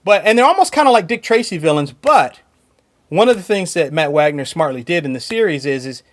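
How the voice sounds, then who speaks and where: A man's voice: fairly high pitch, lively intonation, brisk. A man co-hosting a podcast in casual chat, talking enthusiastically and often laughing between points. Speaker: podcast co-host.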